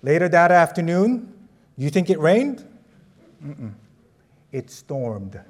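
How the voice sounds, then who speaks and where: A man from the Philippines, preaching a sermon with a personal story and asking the audience questions in a lively, conversational way. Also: a little high, takes it slowly.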